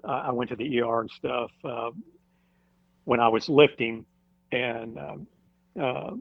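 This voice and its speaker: Man, podcast guest, halting storytelling, middle pitch, slightly dull dry recording. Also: fairly even intonation, gravelly, dry recording. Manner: halting, with many fillers and restarts. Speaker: firefighter. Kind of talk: storytelling in a casual interview.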